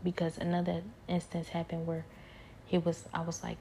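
A woman with a gravelly voice giving a hushed, rambling personal spiritual testimony, often dropping to a whisper. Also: lowish voice, completely flat delivery, normal speed, slight background noise.

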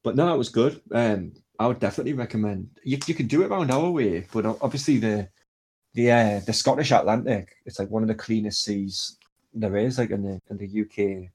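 A young man tells a long, rambling story, packed with fillers and casual swearing. His voice sits low and sounds husky. The talk is loose and chatty. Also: a little fast, a little mellow. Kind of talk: casual chat.

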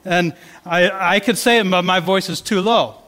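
A man's voice: high voice, moderate pace, pushed and bright, long reverb tail. A man giving a sermon, telling a story in a conversational way with many restarts. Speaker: pastor.

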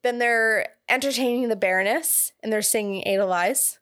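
A woman's voice: fairly high pitch, moderate pace, a bit bright, dry recording, clean studio sound. A young woman co-hosting a podcast, chatting casually and laughing as she recaps a film's plot with asides. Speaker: podcast co-host. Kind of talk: casual chat recapping a film.

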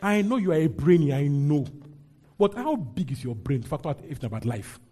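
A man's voice: fairly high pitch, sing-song, brisk, warm tone, breathy edge. A man preaching a sermon as pastor, leading his congregation in call-and-response scripture reading. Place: church with a congregation.

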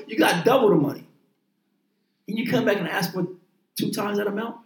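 A man's voice: high-pitched, animated, fairly quick, pauses often, fairly bright tone. A man in heated casual chat, profane and emphatic, often repeating and restarting his words. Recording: roomy echoing room.

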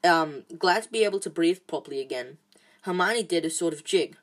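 A woman reading a novel aloud chapter by chapter, halting often with restarts and fillers. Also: on the low side, animated. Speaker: storybook reader.

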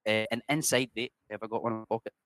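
A middle-aged Scottish man tells stories in a casual interview, swearing freely and calling people "mate" a lot. His lowish voice is fairly bright with fairly even intonation, and he talks rapid-fire. No echo.

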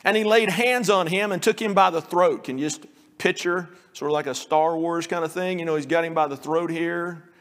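A man's voice: a little high, moderate pace, a bit bright, in a large hall. A male pastor preaching an earnest sermon, now and then acting out the pleading lines of the story. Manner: earnest preaching, acts out quoted pleas.

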